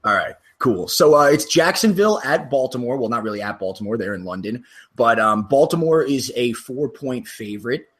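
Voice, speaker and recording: A man's voice: mid-range voice, animated, normal speed, a bit bright. A man co-hosting a sports podcast in loose, joking chat, swearing now and then. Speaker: podcast co-host.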